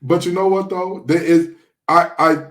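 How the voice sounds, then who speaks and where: A man's voice: a little high, steady tone, a little slow. A man from Detroit hosting a sports podcast, talking casually with sarcastic, mocking humor.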